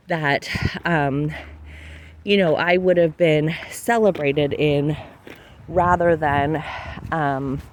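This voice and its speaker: A woman's voice: sits low, slight background noise. A woman hosting a podcast, talking in a casual, candid and reflective way, often filling with "like". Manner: candid, chatty, heavy use of "like". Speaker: podcast host.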